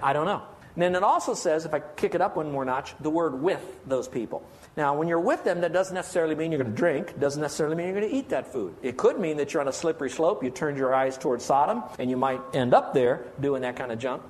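A man preaches a sermon in a voice pitched a little high. He asks his congregation questions and stretches key words out slowly for emphasis. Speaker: pastor.

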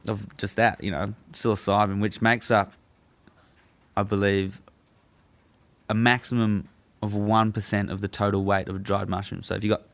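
A man's voice: lowish voice, flat delivery, normal speed. A young man telling a story in casual chat, laid-back, swearing freely and laughing as he goes.

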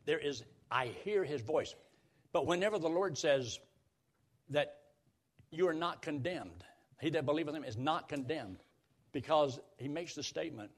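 An older man preaching a radio sermon, lively and emphatic, slowing down to quote scripture. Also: mid-range voice.

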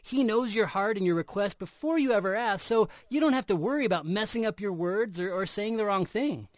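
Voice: mid-range voice, animated, brisk, dry recording. An adult hosting a scripted Christian kids' podcast, earnest and explanatory, slipping in corny jokes. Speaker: podcast host. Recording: dry close studio sound.

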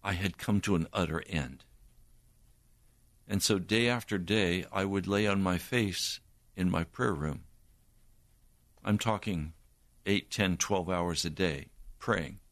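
An older man recounts a personal testimony with slow, deliberate earnestness. His voice sits somewhat low, and the sound is close and dry. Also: fairly bright tone, no room sound. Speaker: preacher.

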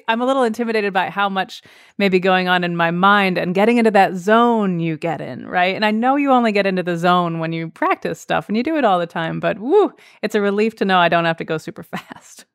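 A woman radio host interviewing a guest in lively casual chat, laughing often. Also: lowish voice, clear, resonant tone, dry recording, clean studio sound.

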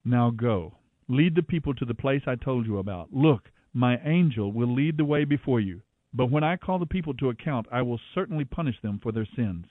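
A man's voice: medium pitch, expressive, normal speed, no echo, natural voice. A man reading the stern, commanding words of God in a scripture reading, with a dry, phone-like sound. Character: God, a stern angry divine male voice.

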